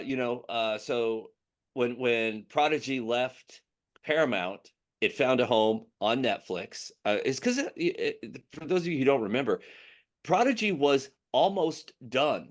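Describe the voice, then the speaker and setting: A man hosting a casual news chat, talking in a rambling way with many fillers and restarts. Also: medium pitch. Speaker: podcast host.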